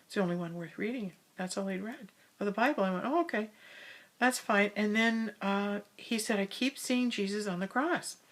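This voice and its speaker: A woman telling a personal spiritual story in a casual monologue, recorded in the hall of her house, sometimes dropping to a soft whisper. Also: medium pitch, moderate pace. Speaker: spiritual speaker.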